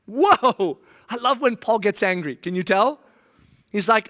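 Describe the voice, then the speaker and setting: A middle-aged man preaches with a high, bright, forceful voice. He talks in an animated way and slips into sarcastic mock voices when he reads aloud. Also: a little slow. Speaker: pastor. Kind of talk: sermon.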